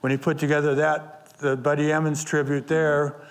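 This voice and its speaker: A man's voice: on the high side, flat delivery, moderate pace. Older man telling a rambling anecdote. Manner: rambling, many fillers and restarts. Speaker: guest musician. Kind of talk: anecdotal interview storytelling.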